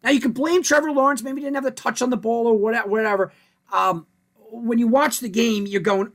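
A man's voice: extremely high pitch, fairly even intonation, fairly quick, fairly bright tone. A man hosting a sports talk show, breaking down rankings and stats in a conversational way, thinking aloud and asking rhetorical questions. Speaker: sports radio host. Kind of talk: casual sports talk and analysis.

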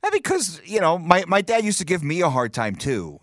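Animated man telling stories. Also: sits high, fairly quick, no echo, clean studio sound. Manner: animated storyteller, many restarts, acts out quotes. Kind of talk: casual chat, storytelling.

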